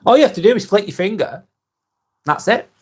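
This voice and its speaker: A man's voice: high voice, expressive, a little fast, a little hiss or hum. A man hosting a live stream, reading viewers' chat aloud and answering in a blunt, casual way with plenty of swearing. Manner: blunt, swears freely, reads comments aloud and answers them.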